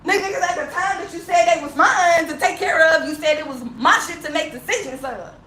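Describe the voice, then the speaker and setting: Woman vlogger, high bright voice, raw profane rant, bitter laughs, roomy echo. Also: a little fast, slight background noise. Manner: heavily profane, impassioned, laughs bitterly between lines. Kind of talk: unscripted emotional rant to camera. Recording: roomy echo with faint ambience.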